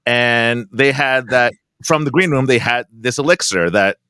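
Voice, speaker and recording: A man co-hosting a podcast, rambling through his side of a story with frequent laughs and halting restarts. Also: mid-range voice, pushed and bright, clear, resonant tone. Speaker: podcast co-host. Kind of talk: casual chat.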